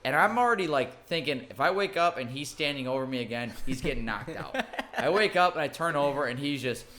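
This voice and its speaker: A man's voice: a little high, expressive, brisk, pushed and bright. A man hosting a podcast, chatting loosely with friends. He tells stories with plenty of swearing and laughs through the punchlines. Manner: storytelling, swears freely, laughs while telling. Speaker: podcast host. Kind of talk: casual chat.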